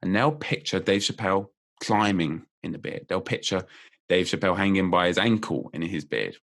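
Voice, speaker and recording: A man appearing as a podcast guest and memory coach. He explains memory techniques in casual chat, lively and playful, laughing often as he goes. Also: low voice, normal speed, creaky.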